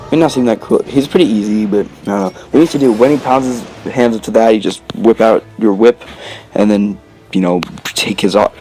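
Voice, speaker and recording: A man's voice: fairly low pitch, dark tone, low-quality recording. A man giving casual, rambling gameplay commentary, joking and interrupting himself with lots of filler words. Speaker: let's play commentator. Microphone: desk mic, recorded after gameplay.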